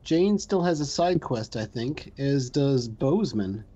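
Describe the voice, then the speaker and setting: A man chatting casually while gaming with friends, making dry, deadpan remarks. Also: mid-range voice, unhurried, muffled recording. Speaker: gamer on a playthrough show.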